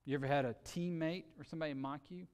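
A man preaching a sermon earnestly, with sudden shifts between loud emphasis and quiet, drawn-out words. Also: on the high side, steady tone, clean tone, in a large hall. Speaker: pastor.

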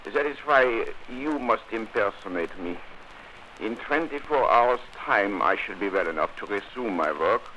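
A weak wounded German count. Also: male voice, fairly low pitch, animated, sharp tone, muffled recording, slight background noise. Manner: halting, breathy with weakness. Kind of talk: 1940s radio acting.

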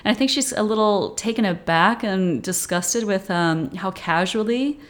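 A woman's voice: medium pitch, normal speed. A woman co-hosting a podcast, chatting casually about a horror film and laughing often. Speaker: podcast co-host.

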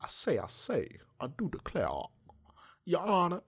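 Guy putting on a high, loud southern lawyer, pompous and drawly, all flowery courtroom talk. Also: wildly swooping pitch, measured pace, breathy edge, exaggerated voice. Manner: florid, drawling courtroom flourish. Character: pompous old-time Southern gentleman lawyer, man.

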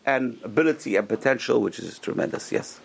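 A man teaching a Torah class in a rapid, gravelly voice. He tells stories with enthusiasm and keeps breaking into exclamations. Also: medium pitch. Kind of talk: classroom Torah lecture with storytelling.

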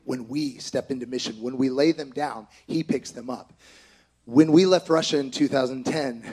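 A middle-aged man preaching a sermon with impassioned exhortations, rising to shouts. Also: medium pitch.

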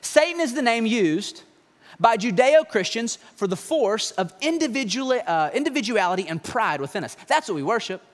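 Male pastor, animated conversational sermon, high lively voice, reverberant sanctuary. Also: normal speed. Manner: animated, conversational preaching with mocking asides. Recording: long hall reverb.

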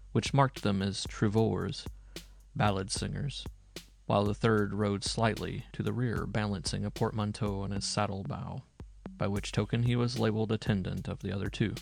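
A man narrating a period horror tale in a measured, dramatic reading. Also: lowish voice, steady tone, vocal fry, faint music behind. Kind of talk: scripted storybook narration.

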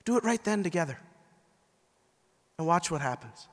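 A man's voice: fairly high pitch, expressive, fast talker, pauses often. A man, a bishop, preaching a sermon and telling stories, acting out the people he quotes. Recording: long reverb of a large hall.

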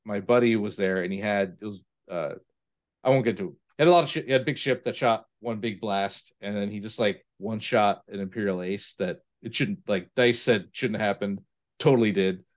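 With a lowish voice and a fairly quick delivery, this man hosts a tabletop gaming podcast and hails from the US East Coast. He spins casual, animated, meandering stories, often stopping to restart and leaning on fillers.

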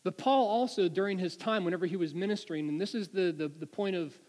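A man's voice: high-pitched, fast, darkish tone, long reverb tail. A man preaching a sermon in an earnest, conversational way, often restarting his sentences.

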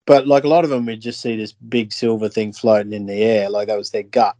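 A man's voice: on the low side, level tone, a little fast, warm tone, no echo. A man on a podcast, telling a fishing story in a rambling way, with lots of fillers and restarts. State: tired, yawning. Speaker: podcast co-host. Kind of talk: casual chat.

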